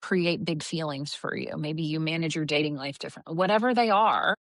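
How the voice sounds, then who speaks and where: A woman's voice: deep voice, moderate pace, dry recording, clean studio sound. A middle-aged woman co-hosting a casual parenting podcast, chatty and quoting herself in a sing-song voice. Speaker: podcast co-host.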